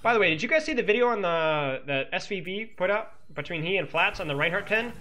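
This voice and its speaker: Lively, high-pitched coach. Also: male voice, fast talker. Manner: animated, exclamatory, talks straight to viewers. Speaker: esports coach. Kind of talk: game replay analysis commentary.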